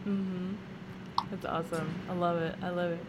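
A young woman co-host in casual chat, relaxed and giggly, introducing a comic she finds funny. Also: on the low side, noisy background. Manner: relaxed, giggly, quick agreeing replies. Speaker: podcast co-host.

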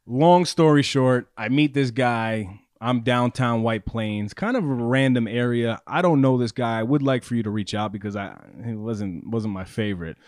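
A man co-hosting a podcast in casual chat, an animated storyteller who acts out the voices of people he quotes. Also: mid-range voice, moderate pace, dry recording, clean studio sound. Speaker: podcast co-host.

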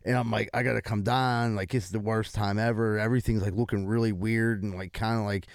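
A man in a casual chat, telling an animated story and swearing freely. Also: fairly low pitch, brisk, vocal fry, clean tone, dry recording, clean studio sound.

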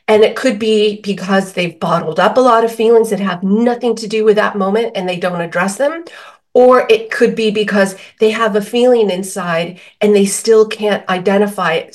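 A woman guest on a podcast interview, explaining feelings with everyday examples and quoted dialogue. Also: medium pitch. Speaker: author and guest.

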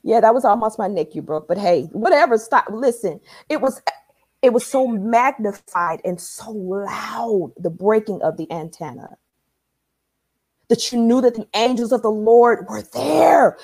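A woman's voice: a little high, lively intonation, measured pace, a little mellow, husky, dry recording, studio quality. A woman sharing an emotional faith testimony in a conversation, speaking emphatically.

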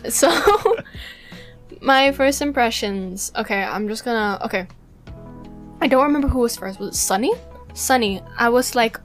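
A woman's voice: mid-range voice, unhurried, soft background music. Giggly young woman gushing as a fan. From Malaysia. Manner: giggly, gushing fan talk with frequent laughs. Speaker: podcast co-host. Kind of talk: casual chat.

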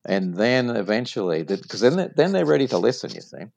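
A man's voice: medium pitch, sing-song, fairly quick, vocal fry, a little mellow, no echo. A man with a non-American accent, a business guest explaining his company in an interview, telling stories with examples. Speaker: franchise executive guest.

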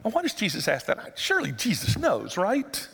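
A man preaching a sermon, dramatic, acting out the quoted lines and swinging from hushed to loud. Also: sits high, huge pitch swings, moderate pace, creaky, big-room sound, slight background noise. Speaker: pastor.

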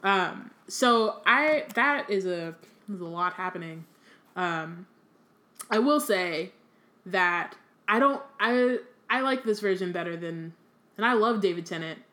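A young woman co-hosting a podcast, reading aloud and then chatting casually, full of "like" and quick restarts. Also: mid-range voice, expressive, sharp tone. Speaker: podcast co-host.

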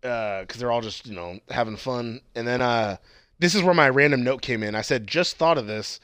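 A man's voice: mid-range voice, moderate pace, a bit bright, clear, resonant tone, no echo, clean studio sound. A man in casual, heavily profane chat, laughing as he reads out his notes. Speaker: podcast co-host.

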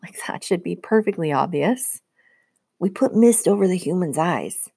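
A woman voicing a nervous, loyal teenage boy satyr who is quick to take offense, talking in a hurried, indignant way. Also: fairly low pitch, lively intonation, creaky, mellow, husky, no room sound, clean studio sound, heavily acted. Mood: insistent.

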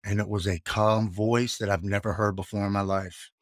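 A man's voice: lowish voice, level tone, moderate pace, no room sound, clean studio sound. A man in his forties earnestly telling his own story of addiction and recovery in a casual talk. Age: 40s. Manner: earnest, emotional, matter-of-fact retelling.

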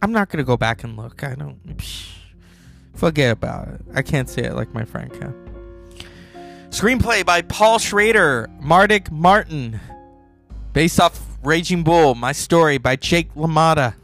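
A man's voice: on the high side, expressive, a little slow, gravelly, fairly bright tone, soft background music. A male podcast host giving casual film commentary in a rambling, chatty way.

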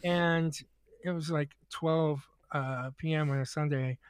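A man on a comedy podcast telling a long anecdote in a halting, rambling way, full of restarts and acting out both sides of each conversation. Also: on the high side, fairly even intonation, smooth, no echo. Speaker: podcast co-host. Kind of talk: casual comedic storytelling.

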